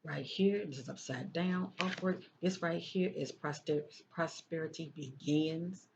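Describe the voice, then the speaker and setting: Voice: mid-range voice, unhurried, creaky. Tarot reader who keeps asking "okay?". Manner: keeps checking in with "okay?" and repeats phrases. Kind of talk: casual tarot card reading. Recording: dull lo-fi sound with faint noise.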